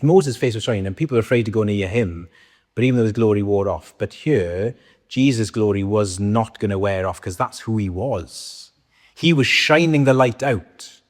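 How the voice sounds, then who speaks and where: A mid-range, darkish male voice delivers a conversational sermon, frequently asking the congregation questions. The church hall gives the recording a long reverb.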